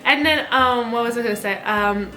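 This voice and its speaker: Young woman guest, high-pitched and bright, animated chatty storyteller, roomy sound. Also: normal speed, faint music behind. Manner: animated storytelling, giggly, lots of fillers. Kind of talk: casual chat.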